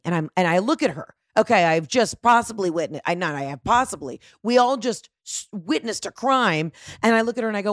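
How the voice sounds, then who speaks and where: A woman's voice: mid-range voice, expressive, brisk, few pauses, dry recording, studio quality. A woman telling a story in casual chat, profane, frantic and self-mocking.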